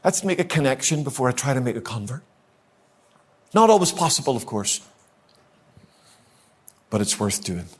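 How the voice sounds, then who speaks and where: A man's voice: mid-range voice, sing-song, normal speed, long pauses, husky. A man with a Northern Irish accent preaching a sermon to a church congregation, emphatic and repetitive, asking the room rhetorical questions. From Northern Ireland. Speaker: guest preacher. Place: church hall, live congregation.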